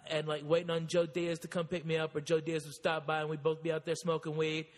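A man's voice: fairly high pitch, completely flat delivery, quick pace, big-room sound. A man hosting a podcast, telling rambling, profane comic stories. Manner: profane, loud, rambling, keeps saying all right. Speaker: podcast host. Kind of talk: comic storytelling.

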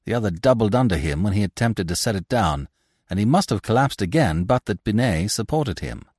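A man narrating a classic novel for a podcast in a theatrical, expressive manner, close to the mic. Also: on the low side, brisk, breathy edge, dry recording.

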